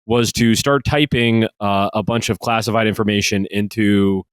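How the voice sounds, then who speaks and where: A man with a lowish voice chats on a podcast, hedging and wry, his talk full of fillers and restarts. The sound is dry and close, with no room around it. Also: fairly even intonation, moderate pace, clean tone, dry recording. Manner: hesitant, filler-heavy, wry. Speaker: podcast co-host. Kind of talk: casual podcast chat.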